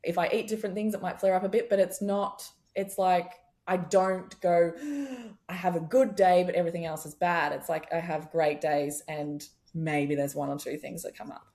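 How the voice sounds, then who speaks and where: Young adult woman, chiropractor guest; lowish voice, candid, expressive, unfiltered with swearing. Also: moderate pace, hardly any pauses. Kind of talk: casual podcast conversation.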